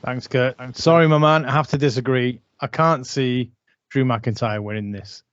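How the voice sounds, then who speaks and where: A man with a mid-pitched voice chats about wrestling, full of ums and restarts. His voice sounds dry and close, with no room around it. The recording is dull and lo-fi. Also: normal speed, no room sound. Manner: chatty, filler-heavy. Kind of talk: casual wrestling prediction chat.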